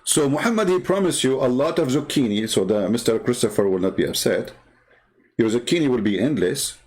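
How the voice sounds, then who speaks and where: A man's voice: medium pitch, expressive, a little fast, darkish tone. A man hosting a livestream, talking in a blunt, sarcastic and scornful way. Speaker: livestream host. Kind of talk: combative livestream commentary.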